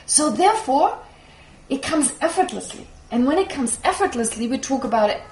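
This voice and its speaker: A woman whose first language is German, teaching a Buddhist class and answering questions in a lively, explanatory way. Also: high-pitched, moderate pace, soft background music. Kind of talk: teaching with audience Q&A. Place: teaching hall with audience. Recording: echoey room, faint noise.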